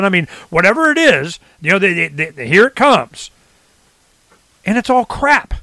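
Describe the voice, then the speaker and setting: Rambling, animated man, dry close sound. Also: high voice, a little slow, no echo. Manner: rambling, animated, swings into quoted voices. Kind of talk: casual ranting chat.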